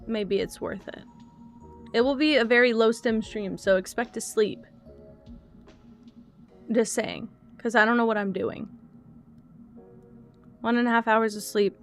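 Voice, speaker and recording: Talking to both her chat and her cats, this soft-spoken young woman keeps things casual and laughs often. Her pitch runs on the high side.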